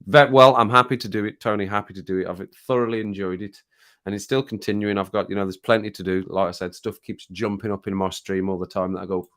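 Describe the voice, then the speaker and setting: Brief: middle-aged man from England, lowish voice, easygoing livestream host chatting with viewers. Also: steady tone, quick pace, a bit bright. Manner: chatty, laughs often, baby-talks to his cat. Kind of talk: casual live chat, reading comments. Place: home.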